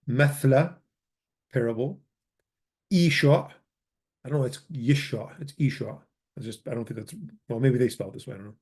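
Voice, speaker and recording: A man teaching a grammar lesson into a desk microphone. He speaks at an ordinary middle pitch. He is methodical, repeating example words slowly before translating them. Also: a little mellow. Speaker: language teacher.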